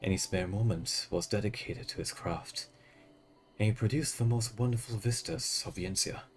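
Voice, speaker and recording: A man voicing a gentle, sorrowful village widow, in soft, measured speech. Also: lowish voice, a little hiss or hum, lightly acted.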